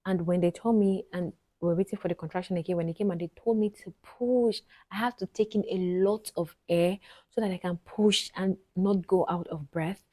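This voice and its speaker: A woman's voice: lowish voice, fairly even intonation, normal speed, dark tone, dry recording. A Nigerian woman vlogger telling a personal story to camera, chatty and often talking straight to her viewers. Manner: chatty, frequently addresses viewers directly.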